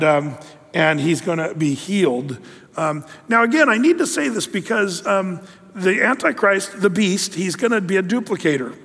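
A man preaches a sermon in a rather high voice, rambling and restarting with plenty of fillers. His voice rings with the long reverb of a large hall. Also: a bit bright. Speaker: pastor.

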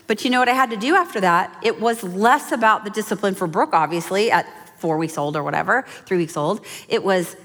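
A woman's voice: medium pitch, animated, a little fast, fairly bright tone, big-room sound. A mother giving an emphatic, conversational sermon-style talk to a women's church gathering. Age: adult mother.

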